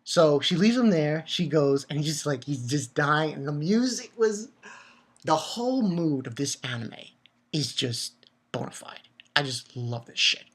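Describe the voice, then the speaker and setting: Excitable man recapping an anime episode. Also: fairly high pitch, measured pace. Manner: excitable and profane, with stumbling repeated words. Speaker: anime reviewer.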